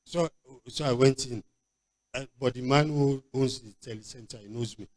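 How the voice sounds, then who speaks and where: A man's voice: mid-range voice, moderate pace, a little mellow. A man with a Nigerian accent preaching a sermon as pastor, emphatic and repetitive, with frequent stop-start restarts. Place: church convention hall.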